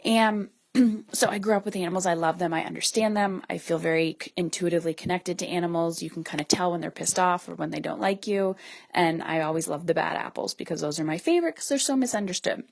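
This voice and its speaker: A woman with a lowish voice speaks as a podcast host, telling a casual story to her listeners. She talks in a chatty way, full of "like" and "right?" asides. The sound is dry and close, with no room echo. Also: fast, gravelly. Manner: addresses listeners directly. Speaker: podcast host and parenting coach.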